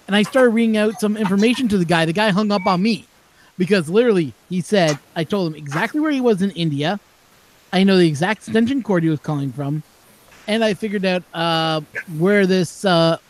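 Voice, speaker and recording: A chatty man with a fairly high voice hosts a relaxed hangout. He tells rambling anecdotes and acts out the phone calls he describes. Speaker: channel host. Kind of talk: casual chat.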